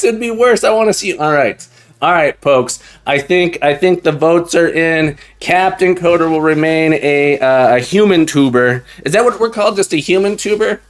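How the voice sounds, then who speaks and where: Upbeat male streamer, slightly high voice. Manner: upbeat, repeats phrases, greets viewers warmly. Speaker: live-stream host and teacher. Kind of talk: casual live-stream chat with viewers. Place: room at home, indoors.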